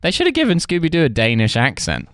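A man on a podcast tossing in dry one-liners, sometimes murmured low, sometimes lifting sharply. His pitch moves around a lot, and the sound is close and dry. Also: wildly swooping pitch, quick pace, fairly bright tone, clear, resonant tone, no room sound. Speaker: podcast co-host. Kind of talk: casual comedic chat.

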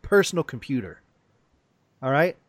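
A man's voice: mid-range voice, sing-song, moderate pace, a crowd in the background. A man hosting a casual gaming chat, playful and hyping up his guest. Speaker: podcast host.

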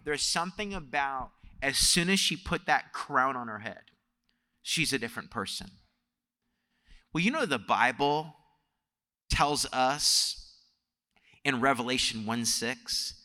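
A man's voice: medium pitch, measured pace, pauses often, bright, forceful tone. A male pastor telling family stories in a sermon and building into emphatic preaching. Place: church sanctuary. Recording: long church hall reverb.

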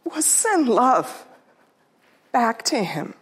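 Middle-aged woman, fairly high voice, heartfelt storyteller, unhurried, goes soft and hushed at tender points. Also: sing-song, slightly rough. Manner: heartfelt, unhurried, drops to a soft near-whisper at tender moments. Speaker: storyteller speaker. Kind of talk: personal storytelling talk.

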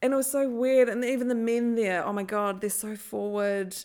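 A woman's voice: on the high side, normal speed, smooth. A woman, chatting casually as a podcast co-host and acting out quotes as she tells stories. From New Zealand. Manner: animated storyteller acting out quotes. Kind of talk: casual chat.

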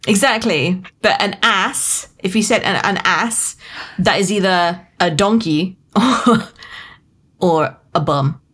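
A woman's voice: medium pitch, slow pace, a bit bright, breathy edge. A British woman co-hosting a casual book podcast, giggly and playfully dramatic as she chats. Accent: British English. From Britain. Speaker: podcast co-host.

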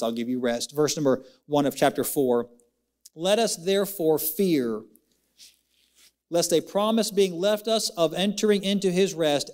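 A young adult man preaching a sermon in a church, rising and falling dramatically, stretching words out for emphasis. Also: a little mellow. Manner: preaching with big swings of pitch, dramatic slowdowns. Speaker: pastor. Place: church sanctuary.

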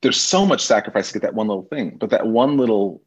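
A man, a stage actor and teacher, telling animated anecdotes as a podcast guest. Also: fairly low pitch, fast talker, husky. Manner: animated anecdotes, acts out quoted voices. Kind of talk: casual interview storytelling.

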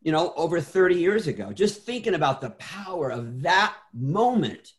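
A man's voice: on the high side, big pitch swings, moderate pace. A middle-aged man telling stories as an interview guest, earnest, often repeating and restarting words. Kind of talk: casual interview storytelling.

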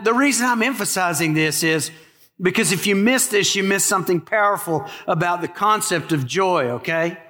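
High-voiced male pastor preaching in a reverberant church. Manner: animated preaching with rhetorical questions and asides to the congregation. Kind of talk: sermon. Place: church sanctuary. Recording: live in a church with long reverb.

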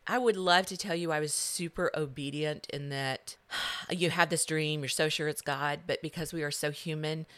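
A middle-aged woman, an author and guest, telling her story in an animated way, swinging between loud and hushed. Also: sits low, normal speed, dry recording. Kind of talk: podcast interview storytelling.

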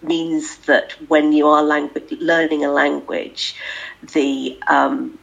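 A woman's voice: low-pitched, fairly even intonation, slow, vocal fry, lo-fi sound. A woman talking as a podcast guest in casual conversation, hesitant with many fillers.

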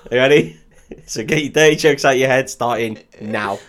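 A man's voice: mid-range voice, normal speed, a bit bright. A man co-hosting a podcast, throwing in teasing jokes and swearing in casual banter. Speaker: podcast co-host. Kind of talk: comic banter.

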